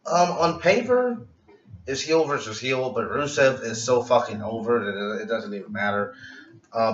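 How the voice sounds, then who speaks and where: Bright-voiced man in an echoey room. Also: medium pitch, a little hiss or hum. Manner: rambling, profane, wry. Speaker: vlogger reviewing wrestling. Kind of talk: casual review vlog. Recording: echoey, dull, distant with music.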